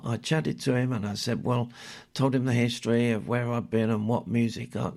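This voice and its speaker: An older man presenting a radio show, chatting and reminiscing in a rambling way with many pauses and fillers. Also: medium pitch, vocal fry, darkish tone.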